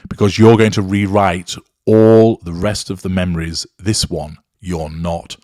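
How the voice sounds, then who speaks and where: A man voicing a sneering, entitled abuser who belittles and threatens with heavy sarcasm. The voice is deep and dry, close to the mic. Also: steady tone, measured pace, mellow, no echo. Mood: contemptuous.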